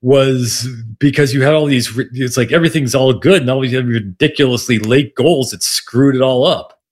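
A man holds forth on sports radio in a loose, rambling way. He circles back on himself, joking at his own expense, in a voice of ordinary middle pitch. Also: moderate pace, a little mellow, husky. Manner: rambling, self-deprecating, many restarts. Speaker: radio sports talk host. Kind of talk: casual sports radio chat.

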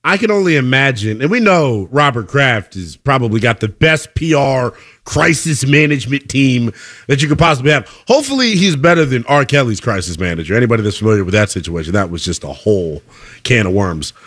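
Bright, animated man ranting about sports. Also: mid-range voice, a little fast. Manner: animated, emphatic, repeats for effect. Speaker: sports podcast co-host. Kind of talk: casual sports talk.

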